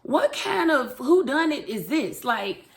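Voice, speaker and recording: A woman's voice: sits high, slow. A woman recapping a series in a casual, opinionated way, acting out the characters' lines as she tells it. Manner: animated, opinionated storytelling with acted-out quotes. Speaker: show recap reviewer.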